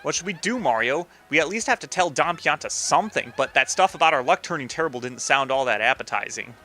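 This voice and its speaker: A young goomba girl, read out by a man in his own bright, slightly high voice. The lines come out as a plain reading of game dialogue over faint game music. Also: animated, quick pace.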